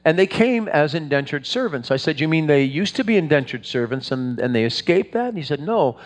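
A man's voice: on the high side, expressive, a little fast. A man preaching a sermon, telling stories in a conversational way with frequent restarts. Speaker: pastor. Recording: long hall reverb.

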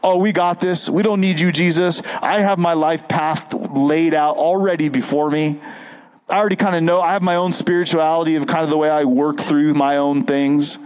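A man's voice: a little high, steady tone, normal speed, darkish tone, natural voice, low-quality recording. A man voicing a smug, dismissive Pharisee in a sermon, talking with mocking breeziness.

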